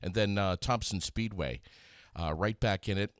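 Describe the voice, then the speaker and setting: A man's voice: on the low side, normal speed, smooth, no echo, studio quality. A man hosting a podcast, reading local racing results and announcements in a chatty way full of fillers. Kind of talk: casual chat with announcements.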